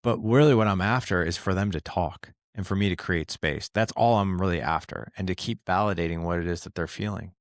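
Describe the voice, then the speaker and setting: Male podcast guest, lower voice, earnest and animated, dry close mic. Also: a little fast, few pauses, no echo. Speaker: podcast guest, dad coach. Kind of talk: casual interview talk.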